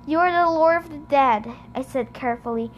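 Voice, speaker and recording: A woman's voice: high-pitched, brisk, a little hiss or hum, natural voice. A woman reading the lines of a polite, nervous teenage boy speaking carefully. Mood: pleading. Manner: careful, pleading.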